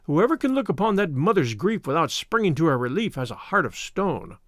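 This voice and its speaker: A stern, domineering wife speaks in a deep, commanding voice in a storybook reading, as a male narrator puts her on. The recording is dry and close. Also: big pitch swings, a little fast, fairly bright tone, no room sound.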